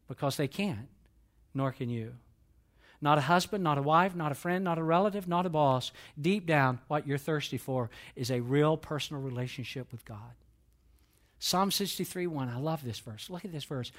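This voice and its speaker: Male pastor, sermon delivery, somewhat high voice, big dynamic swings between loud and hushed. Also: moderate pace. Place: large dark auditorium.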